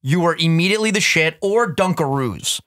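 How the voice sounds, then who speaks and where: A man's voice: a little high, expressive, normal speed, a bit bright, dry recording, clean studio sound. Playful young man, podcast co-host. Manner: joking, playful, drops into goofy voices. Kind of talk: casual podcast banter. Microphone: studio headset.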